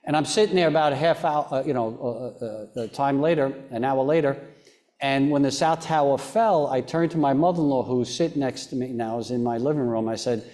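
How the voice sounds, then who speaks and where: Interviewed on stage, a foundation chairman shares a personal story earnestly but haltingly, often restarting and at times going very quiet. His voice is mid-range.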